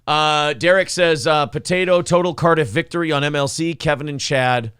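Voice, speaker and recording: Male podcast host, high pitched, lively storyteller who acts out quotes; dry studio sound. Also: moderate pace, clear, resonant tone, no room sound. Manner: animated storyteller, acts out quotes, swears freely. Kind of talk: casual chat.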